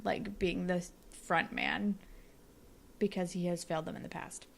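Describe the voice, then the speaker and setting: A woman's voice: fairly low pitch, fairly even intonation, unhurried, creaky. A young woman co-hosting a podcast, chatting casually and rambling through an improvised story with lots of fillers. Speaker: podcast co-host. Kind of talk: casual chat.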